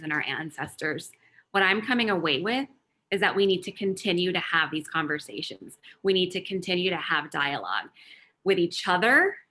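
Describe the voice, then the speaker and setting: A woman with a low, bright and forceful voice closes out an online panel. She speaks in measured, deliberate phrases, listing points one after another. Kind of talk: panel discussion summary. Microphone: video call.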